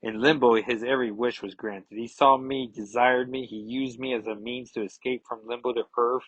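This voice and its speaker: Man voicing a wounded, bitter superheroine; husky, dry reading, comic-book reading. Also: medium pitch, steady tone, moderate pace, a bit bright, no echo, lo-fi sound, lightly acted. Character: grieving angry woman superhero.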